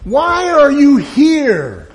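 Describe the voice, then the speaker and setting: A man preacher voicing an exasperated Roman governor who loudly demands answers and lists his grievances in indignant outbursts. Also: very high voice, wildly swooping pitch, drawn-out words, soft background music, pitched above the performer's own voice, heavily acted. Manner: loud, pleading, indignant outbursts.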